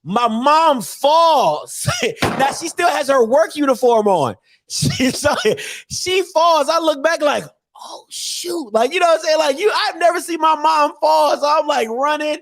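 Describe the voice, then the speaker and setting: A man telling a comic childhood story in an animated way, laughing often. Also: very high-pitched, unhurried, creaky, dry recording.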